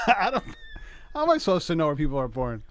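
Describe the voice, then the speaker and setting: A man's voice: on the high side, huge pitch swings, brisk, noisy background. A man co-hosting a casual football watch party, laughing easily and reeling off match scores. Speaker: co-host.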